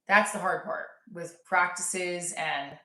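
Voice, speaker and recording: She speaks slowly in a lowish, steady voice with a bright, forceful tone, captured by a distant mic in an echoey room so she sounds slightly off-mic. The speaker is a woman in her thirties who does stand-up. In this rambling self-talk vlog she's candid with the camera, swears freely, and laughs at herself.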